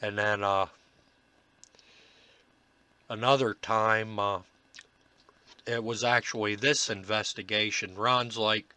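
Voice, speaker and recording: A man, a paranormal investigator, narrating commentary over his own recordings in a halting, earnest way with many filler pauses. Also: lowish voice, little pitch movement, pushed and bright, clear, resonant tone, dry recording.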